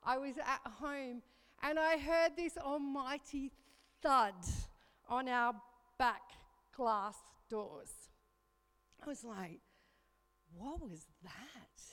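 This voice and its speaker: A woman's voice: high-pitched, slow pace, long pauses, clear, resonant tone. A woman in her fifties telling a self-mocking story in a chatty church talk. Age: 50s. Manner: chatty, self-mocking, animated when recounting panic. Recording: reverberant hall.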